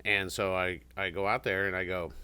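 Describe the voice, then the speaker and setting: A man's voice: sits low, level tone, moderate pace, pushed and bright, clean tone. A man chatting casually, rambling through stories and acting out what others said. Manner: rambling storyteller, acts out quotes. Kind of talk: casual chat.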